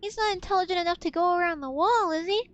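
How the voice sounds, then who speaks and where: A woman's voice: extremely high pitch, fast talker, highs cut off. A young woman streaming a game, chatting casually, swearing freely and gasping with startled laughter. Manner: swears freely, gasps oh my god, shrieks with laughter. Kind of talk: casual gaming stream chat.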